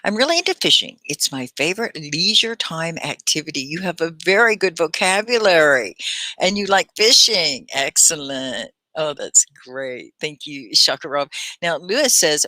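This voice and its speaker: Texan woman ESL teacher, encouraging live lesson, bright tone, dry close sound. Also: deep voice, lively intonation, no room sound. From Texas. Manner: encouraging, instructive, slow for learners. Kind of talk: live online English lesson.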